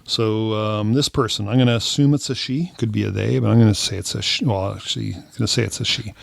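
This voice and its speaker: An older man co-hosting a casual podcast chat, telling stories and mimicking text messages in a high mocking voice. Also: steady tone, fast, creaky, dry recording. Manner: reads scam texts aloud in a high mocking voice. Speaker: podcast co-host.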